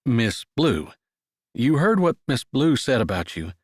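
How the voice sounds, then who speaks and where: A man voicing a gentle, grieving reclusive uncle. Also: mid-range voice, big pitch swings, dry recording, clean studio sound. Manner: halting, gentle, emotional.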